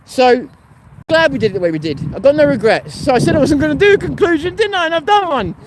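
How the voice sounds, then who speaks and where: A man's voice: extremely high pitch, lively intonation, fast talker. A man hosting a casual live stream while walking outdoors, talking in a rambling, blunt way and swearing freely. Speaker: host. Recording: street noise and traffic behind.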